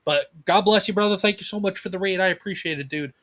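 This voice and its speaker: A man's voice: high voice, fast talker, fairly bright tone. A man co-hosting a casual livestream chat, upbeat, thanking viewers and laughing often. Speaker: livestream co-host.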